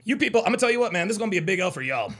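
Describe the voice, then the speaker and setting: Combative host with a high, swinging voice. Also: male voice, sing-song, rapid-fire, fairly bright tone. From American South. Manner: profane, combative, repeats himself. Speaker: call-in show host. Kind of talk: heated live reaction commentary.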